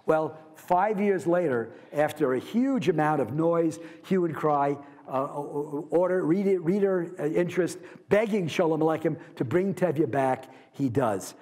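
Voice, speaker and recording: A man giving a university literature lecture, lively and posing rhetorical questions to his class. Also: a little high, moderate pace, hardly any pauses.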